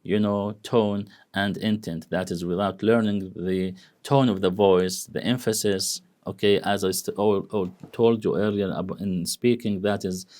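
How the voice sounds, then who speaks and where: A man giving a university lecture in English, rambling, full of "you know" and "okay" checks, swinging his pitch wide to act out example phrases. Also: fairly even intonation, measured pace, a little mellow. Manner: acts out intonation examples with big pitch swings. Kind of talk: classroom lecture.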